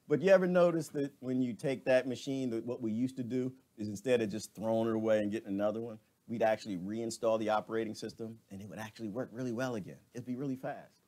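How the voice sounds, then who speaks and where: A man hosting a live stream, ranting casually in a colloquial way with laughs and asides to viewers. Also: medium pitch. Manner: animated, laughing, talks back to viewers.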